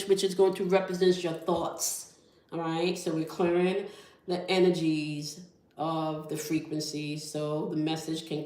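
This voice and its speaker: A woman with a somewhat low voice leads a spiritual tarot reading for her viewers. She checks in again and again with "all right?" and "okay?". Her voice rings in an echoey room. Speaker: tarot reader and channel host.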